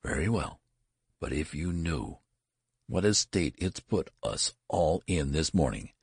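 A man's voice: rumbling low, expressive, a little slow, breathy edge, dry recording, studio quality, heavily acted. A man voicing a severe female hospital nurse who speaks curtly and sternly. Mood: clipped. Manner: severe, curt.

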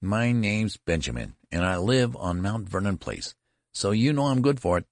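A man voicing an old general who has grown back into a small boy, barking commands in a high, shrill treble. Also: animated, very fast, darkish tone, no echo, clean studio sound. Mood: indignant.

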